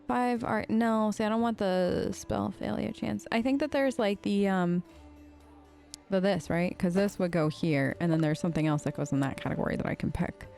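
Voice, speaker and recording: A woman's voice: mid-range voice, normal speed, vocal fry, darkish tone, faint music behind. A woman hosting a let's play, casually thinking aloud and chatting as she plays. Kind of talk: casual gameplay commentary.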